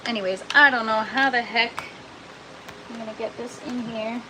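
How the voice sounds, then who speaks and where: A woman's voice: on the high side, fairly even intonation, normal speed, background noise. A Canadian woman chatting casually with viewers on a gardening livestream, self-mocking and laughing often, sounding tired. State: tired from lack of sleep. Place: indoor grow tent.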